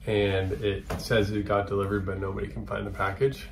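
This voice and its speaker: A young man with a lowish, gravelly voice chats along easily, mostly keeping it short and agreeable. Noise hums in the background of the recording. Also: flat delivery, fairly quick, roomy sound. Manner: easygoing, short agreeing replies. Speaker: vlogger's partner. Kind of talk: casual vlog chat.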